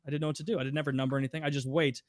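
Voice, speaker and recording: A man's voice: on the high side, rapid-fire, no room sound, studio quality. A man in his twenties telling profane work stories in casual chat, acting out angry customers. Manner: animated, profane, acts out customers in raised voices. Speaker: podcast co-host telling stories. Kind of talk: casual storytelling.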